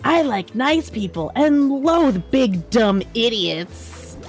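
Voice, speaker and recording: A woman's voice: on the high side, very animated, takes it slowly, faint music behind, full character voice. Wraith, a woman voicing a sullen loner. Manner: sullen, dismissive. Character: aloof male loner creature, quiet and sullen.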